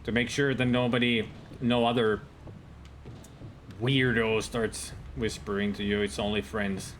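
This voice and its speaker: A man's voice: fairly low pitch, flat delivery, unhurried, a little hiss or hum. A man streaming a game live, chatting casually with his viewers and reading out on-screen text. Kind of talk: casual gameplay commentary to live chat.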